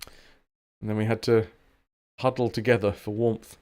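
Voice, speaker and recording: A man's voice: on the low side, flat delivery, a little slow, darkish tone. A man chatting and joking while playing a game on stream, swearing freely. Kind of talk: casual game commentary.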